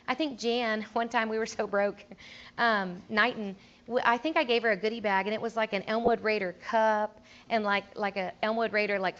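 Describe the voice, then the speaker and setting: A woman's voice: a little high, a bit bright. Chatty young woman teacher. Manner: chatty, laughs often, acts out quotes in voices. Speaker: music teacher speaking at a conference session. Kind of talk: casual conference talk with anecdotes. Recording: dull, lo-fi room recording.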